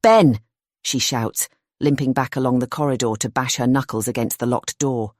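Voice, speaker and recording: An audiobook narrator reading a thriller in a tense, measured storytelling voice. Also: mid-range voice, fairly even intonation, no echo, clean studio sound.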